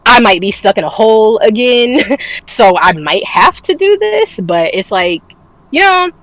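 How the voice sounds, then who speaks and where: A woman's voice: fairly high pitch, big pitch swings, measured pace, fairly bright tone, dry recording, rough recording. Candid woman telling a story with laughs. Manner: candid storytelling, swears freely, laughs often. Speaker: podcast co-host. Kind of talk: casual chat.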